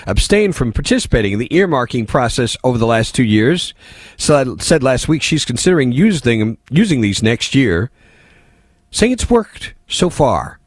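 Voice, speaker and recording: A man hosts a talk radio show and answers listener texts with sardonic, exasperated remarks. His pitch swings widely as he talks. His voice sounds dry and close, with no room echo. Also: sing-song, moderate pace.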